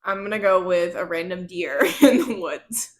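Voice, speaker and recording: A woman co-hosting a podcast, talking about a book in blunt, animated casual chat and swearing freely. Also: lowish voice, moderate pace. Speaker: podcast co-host. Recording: roomy echo.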